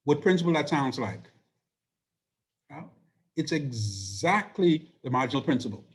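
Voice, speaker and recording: A man teaching an economics class, hoarse and losing his voice, explaining step by step and asking rhetorical questions. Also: on the high side, expressive, measured pace. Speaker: economics instructor. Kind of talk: recorded lecture.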